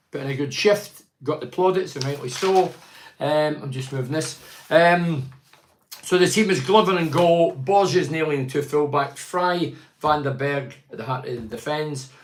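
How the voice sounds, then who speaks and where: A man's voice: fairly high pitch, measured pace, a little hiss or hum. Frustrated Scottish man in an echoey room. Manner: frustrated, rambling, with restarts and stammers. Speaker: football pundit. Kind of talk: live-stream match review.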